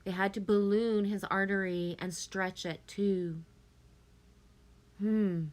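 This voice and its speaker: A woman talking casually on a live stream, reading viewers' messages aloud and laughing often between them. Her voice sits at a middle pitch, loose and chatty. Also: fairly even intonation, slow.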